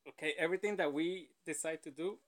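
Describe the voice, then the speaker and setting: A man's voice: fairly high pitch, fast talker, fairly bright tone, a little hiss or hum. A man hosting a casual reaction show, rambling and joking between clips. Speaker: host reacting to a video.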